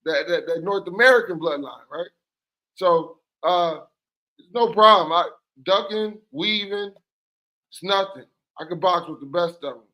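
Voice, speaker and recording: A man's voice: high-pitched, measured pace, muffled recording. A man calling in as a guest on a livestream, talking in a laid-back, boastful, joking way. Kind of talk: casual livestream banter.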